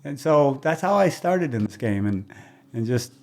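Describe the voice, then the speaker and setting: A man's voice: medium pitch, moderate pace. An older man, a race announcer as a guest, telling stories from his career in chatty, casual conversation and acting out what people said. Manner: lively storyteller who acts out quoted dialogue; chatty, with restarts and throat clearing.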